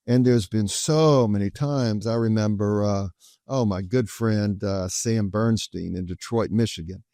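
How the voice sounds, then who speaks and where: A man's voice: fairly low pitch, measured pace, mellow, no echo, studio quality. An older man answering interview questions as a guest attorney, telling long anecdotes in a reassuring, folksy way. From Louisiana, USA. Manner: reassuring, story-driven, folksy.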